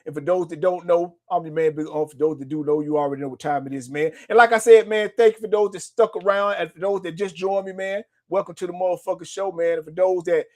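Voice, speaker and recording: Male show host with a high voice, easygoing and repetitive, talking straight to his viewers. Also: fast, hardly any pauses. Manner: laid-back, repetitive, peppered with "man" and profanity. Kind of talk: casual motivational monologue.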